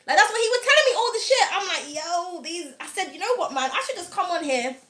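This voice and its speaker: A woman hosting an astrology reading channel chats to camera in a frank, candid, blunt way, swearing freely and laughing often. Her very high voice is expressive, fast, and a bit bright, in an echoey room with slight background noise.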